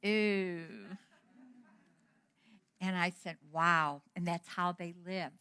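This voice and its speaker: Bright-voiced woman minister telling stories. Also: medium pitch. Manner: animated, acts out quoted dialogue. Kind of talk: storytelling sermon. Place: church hall.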